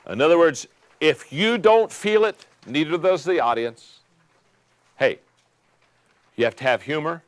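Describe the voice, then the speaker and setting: An older man giving an emphatic motivational talk on leadership, repeating key phrases and building to loud peaks. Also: on the high side, no room sound, studio quality. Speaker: speaker on leadership.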